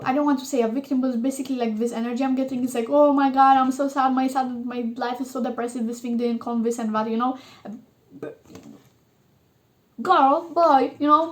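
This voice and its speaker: A woman with a high voice reads tarot cards for her viewers. She talks in an emphatic, coaxing way and keeps checking in with the listener. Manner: emphatic, coaxing, repeats "okay?" often. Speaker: tarot reader. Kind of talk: tarot reading monologue.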